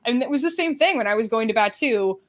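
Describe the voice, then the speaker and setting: A woman's voice: on the high side, animated, fast talker. A young woman talking as a podcast guest in casual chat, full of likes and ums. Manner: chatty, filler-heavy with frequent likes and ums.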